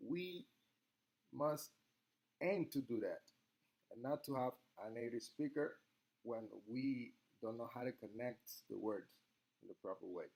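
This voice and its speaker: A man speaks English, presenting a class assignment at a slow, unhurried pace. His delivery halts often, with pauses and ums between phrases, and his voice has a gravelly fry. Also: medium pitch, darkish tone. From Latin America. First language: Spanish. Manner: halting, with many pauses and ums. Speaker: student giving a class presentation. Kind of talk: recorded class assignment monologue.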